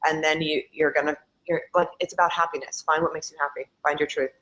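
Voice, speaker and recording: A woman's voice: sits low, fairly even intonation, quick pace, fairly bright tone, low-quality recording. A woman in her thirties speaking on a panel, reflective and earnest, building her points through repetition. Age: 30s. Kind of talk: casual panel discussion.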